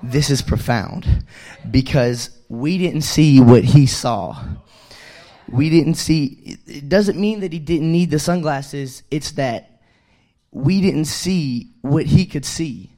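A young man giving a casual, chatty sermon, full of fillers and restarts, growing louder on key points. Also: a little high, slow pace. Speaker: young preacher.

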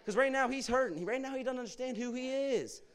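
Young guy preaching in church, kinda high voice, earnest, keeps urging folks on. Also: fast talker, a bit bright, clear, resonant tone. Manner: earnest, exhorting, conversational with asides. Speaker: guest youth speaker. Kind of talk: informal church sermon.

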